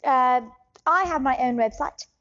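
A woman improvising a shady quack doctor, high-pitched and evasive. She rambles with many pauses and slides between put-on accents. The sound is dull and lo-fi. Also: a bit bright. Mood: rambling. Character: shady scam doctor with shifting fake accents. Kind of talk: improv comedy scene.

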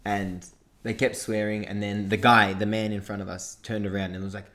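A young man with an Australian accent, animated and laughing as he tells a story in a casual podcast chat. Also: on the low side, normal speed. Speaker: podcast co-host.

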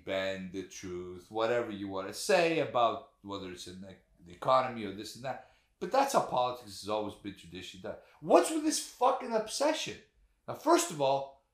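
A man holding forth on a casual podcast, his pitch swinging up and down as he presses rhetorical questions and swears for emphasis. His voice sits in the middle range and bounces around an echoey room. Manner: animated, profane, rhetorical questions. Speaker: podcast co-host. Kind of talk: casual political chat.

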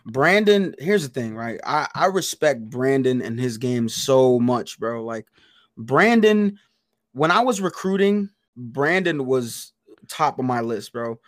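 A man co-hosting a podcast, telling stories in a loud, profane, animated way, full of slang and swearing. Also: medium pitch, takes it slowly, no echo, studio quality. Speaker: podcast co-host. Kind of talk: casual chat.

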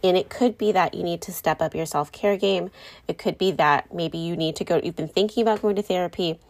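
A woman's voice: fairly low pitch, fairly quick, darkish tone. A young woman, a mom, talking candidly and rambling a little to her viewers, often correcting herself mid-sentence. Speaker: mom vlogger. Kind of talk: casual talk to camera.

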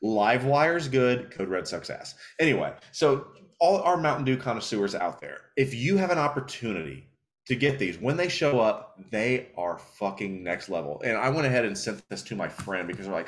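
A young man hosting a podcast, telling stories in a profane, animated way, a little tipsy and slurring. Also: medium pitch, moderate pace. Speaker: podcast host. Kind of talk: casual podcast chat.

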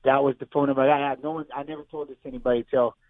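Fast-talking man on a tinny phone line. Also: mid-range voice, flat delivery, no echo. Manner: rambling, repeats himself, emotional. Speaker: guest fighter. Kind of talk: emotional personal storytelling on live radio.

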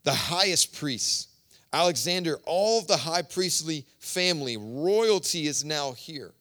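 Conversational male preacher, loud then hushed. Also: on the high side, lively intonation, measured pace. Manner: conversational, storytelling preaching with sudden swings between loud and soft. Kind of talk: sermon.

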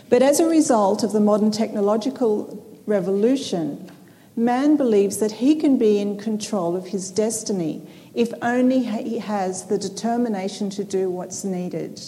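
A woman's voice: mid-range voice, dark tone. A middle-aged Australian woman giving an earnest, friendly seminar talk, with some hesitant fillers. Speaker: seminar speaker. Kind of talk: Christian seminar lecture. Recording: long hall reverb, faint ambience.

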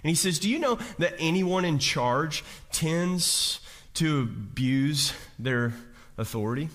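A man's voice: fairly high pitch, lively intonation, slow pace, a bit bright. A man giving a conversational, jokey sermon as a pastor, asking the congregation questions and often restarting his phrases. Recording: reverberant hall.

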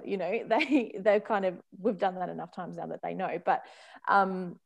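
Lively woman guest, chatty and laughing. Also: medium pitch, normal speed, gravelly. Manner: animated, laughs often, acts out voices in quotes. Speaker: podcast guest, parenting consultant. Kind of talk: casual conversational chat.

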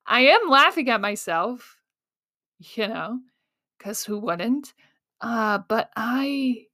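A woman's voice: on the high side, lively intonation, very slow, pauses often, sharp tone, dry recording, studio quality. A woman hosting a solo podcast, telling her story in a candid, self-mocking way with casual fillers. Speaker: podcast host.

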